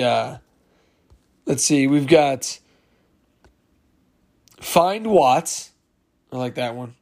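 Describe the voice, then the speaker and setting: Man, higher-pitched voice, solo podcast host, casual chat, reading listener replies aloud, chuckling.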